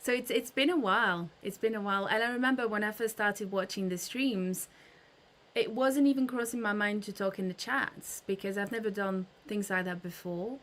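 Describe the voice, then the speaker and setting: A woman hosts a casual livestream and chats with viewers, greeting them by name as they arrive. Her voice sits at a middle pitch, and her talk is loose and friendly, full of fillers and restarts. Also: moderate pace, a bit bright. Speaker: livestream host.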